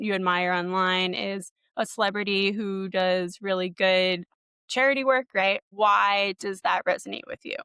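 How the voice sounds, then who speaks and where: Young woman coach, mid-range voice, relaxed and upbeat, filler-heavy talk, dry recording. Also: mid-range voice, smooth, no room sound. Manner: casual, encouraging, many "like" and "you know" fillers. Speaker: podcast host and marketing coach. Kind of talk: webinar teaching.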